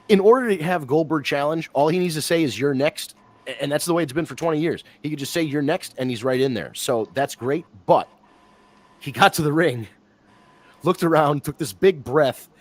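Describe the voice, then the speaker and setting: A man co-hosting a casual live talk stream, rambling and animated, often restarting his sentences. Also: a little high. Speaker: wrestling podcast co-host.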